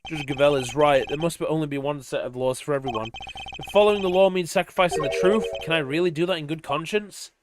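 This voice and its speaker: A man voicing a composed male prosecutor who speaks calmly and deliberately. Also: a little high, noisy background, lightly acted. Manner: calm, deliberate.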